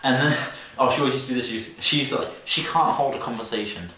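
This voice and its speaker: Rambling teen in an echoey room. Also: male voice, medium pitch, fast. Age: late teens. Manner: rambling, animated, laughs often, many fillers. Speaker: podcast co-host. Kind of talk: casual storytelling chat. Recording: echoey room, distant mic, faint hiss.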